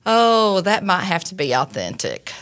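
Soft-spoken Southern woman. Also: medium pitch, very animated, measured pace. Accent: Southern American. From Georgia, United States. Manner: soft-spoken, laughs easily. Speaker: middle school principal, guest. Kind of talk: casual interview.

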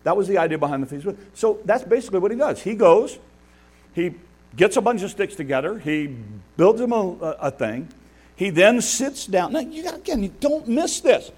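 A man preaching a sermon, animated, acting out the biblical figures he tells about with a laugh now and then. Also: sits high, a little fast. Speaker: pastor.

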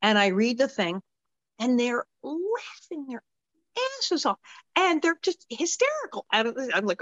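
A middle-aged woman tells showbiz stories as an interview guest, animated and ready to act out every voice she quotes. The sound is dry and close, dull and lo-fi. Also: fairly high pitch, normal speed, dry recording. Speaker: interview guest, former child actress. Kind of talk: anecdotal storytelling.

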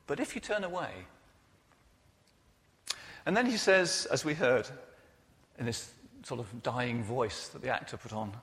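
High, lively male preacher in a reverberant hall. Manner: earnest, personal, expressive preaching. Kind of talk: sermon. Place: church hall.

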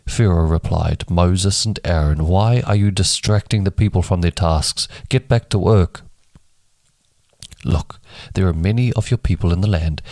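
A man's voice: low-pitched, darkish tone, dry recording. A man reading scripture aloud for a daily Bible podcast, giving each speaker a different voice for dialogue. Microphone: home microphone that keeps dropping.

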